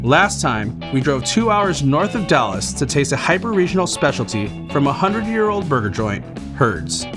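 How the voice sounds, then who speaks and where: A man's voice: on the high side, very animated, normal speed. A man reading an upbeat scripted voice-over for a food show. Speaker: narrator. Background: background music.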